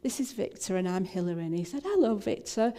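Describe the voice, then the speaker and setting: A woman's voice: lowish voice, expressive, fast, mellow. An older woman minister, telling a personal story in a talk, with frequent fillers and restarts.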